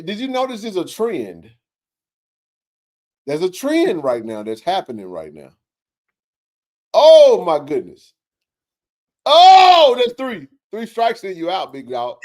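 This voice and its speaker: A man hosting a casual sports talk show, joking and bantering in slangy, animated talk. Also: sits high.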